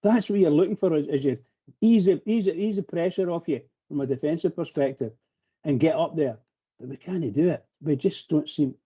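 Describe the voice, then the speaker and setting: A man's voice: fairly high pitch, a little fast, mellow, slightly rough, highs cut off. A man talking passionately on a live radio phone-in, rambling and repeating himself as he gets worked up. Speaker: phone-in pundit.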